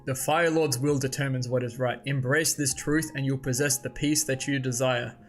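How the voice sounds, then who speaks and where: A man's voice: mid-range voice, fairly even intonation, moderate pace, faint music behind, lightly acted. A man reading aloud the part of a solemn old male spirit mentor from a comic, in a grave, instructive way.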